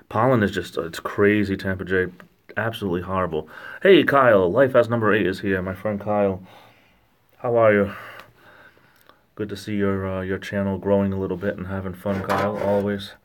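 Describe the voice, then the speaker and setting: A man with a Rhode Island accent, casually chatting and joking with viewers on a livestream in a rambling, halting way. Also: deep voice, level tone. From lower New England, Rhode Island–Massachusetts border. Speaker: livestream host reading chat.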